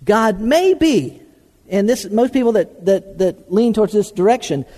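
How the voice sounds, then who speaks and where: A man preaching a teaching sermon, halting with many hesitations and repeated words, then pressing his points emphatically. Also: sits high, animated, dark tone, long reverb tail. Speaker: preacher teaching a class on the problem of evil. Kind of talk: sermon-style teaching talk.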